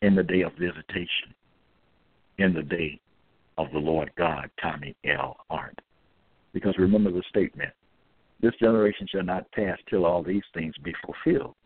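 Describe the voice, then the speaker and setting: A man's voice: sits low, normal speed, dry recording. A man delivering a scripture-quoting monologue, repetitive and emphatic, reading out verse references. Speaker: self-styled religious preacher. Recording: tinny phone-like dry audio.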